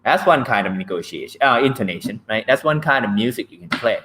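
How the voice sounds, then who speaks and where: Man, English teacher, online lecture, mid pitch, chatty, "right?" habit. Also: expressive, fast, sharp tone, slight background noise. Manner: chatty, ends points with "right?".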